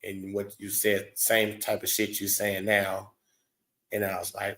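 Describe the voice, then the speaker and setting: A man's voice: on the low side, flat delivery, moderate pace, bright, forceful tone. A man hosting a reaction show, talking back at a video clip in a blunt, mocking, profane rant. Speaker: show host reacting to clips. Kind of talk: heated reaction commentary.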